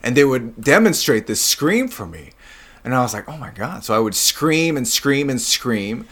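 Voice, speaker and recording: A man's voice: medium pitch, big pitch swings, normal speed, a bit bright. A man in casual chat as an actor guest, a laid-back storyteller who acts out quoted lines and laughs often.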